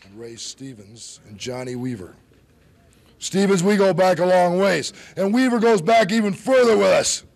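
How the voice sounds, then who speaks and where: A man's voice: high voice, animated, normal speed, creaky, darkish tone. A man cutting a wrestling promo, bluntly threatening his rivals.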